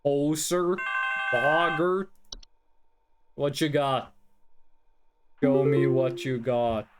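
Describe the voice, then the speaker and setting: A streamer giving live game commentary, thinking aloud and swearing in an animated way. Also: medium pitch, very slow, background noise.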